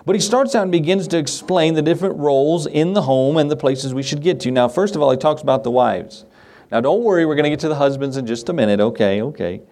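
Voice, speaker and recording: Middle-aged male pastor, folksy conversational sermon, slightly raised pitch, chuckling asides. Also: fast, darkish tone.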